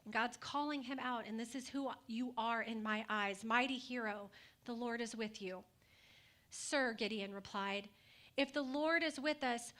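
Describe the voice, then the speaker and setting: A woman's voice: a little high, a bit bright. A woman pastor preaching a sermon in a conversational way, asking the congregation questions and adding light humor.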